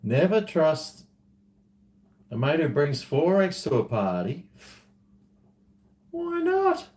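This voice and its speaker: An Australian vlogger chats to his camera in an easy, unhurried drawl, taking his time over each thought. He rambles and drifts from one aside to the next, poking fun at himself along the way. His voice is fairly high, sing-song, and a little mellow.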